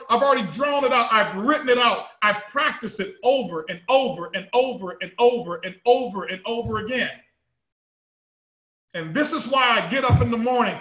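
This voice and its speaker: A man with a very high, bright voice delivers an emphatic motivational talk to a live audience. He hammers home his points through repetition and breaks into shouts now and then. The sound is roomy, with a clear echo around him. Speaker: company founder speaking to his team.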